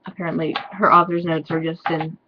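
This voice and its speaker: A woman's voice: low voice, flat delivery, fairly quick, lo-fi sound, slight background noise. A young woman doing a comedic dramatic reading of fan fiction, with sarcastic, mock-despairing asides.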